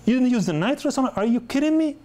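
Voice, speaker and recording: A furious, incredulous mother, her voice pitched up sharply, as a male lecturer imitates her. She scolds in a shrill, disbelieving rush. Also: expressive, quick pace, dark tone. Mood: outraged. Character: indignant mother of a young patient, woman.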